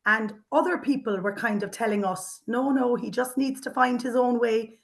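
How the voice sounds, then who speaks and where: A woman's voice: on the high side, moderate pace, creaky, hardly any pauses. A middle-aged Irish woman who manages a housing association, reflecting earnestly and with heart in an interview, with fillers and restarts. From Ireland.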